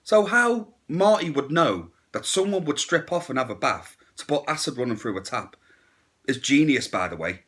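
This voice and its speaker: A man's voice: medium pitch, animated, normal speed, a bit bright. A man giving a casual, blunt and crude horror movie review, with sarcastic asides.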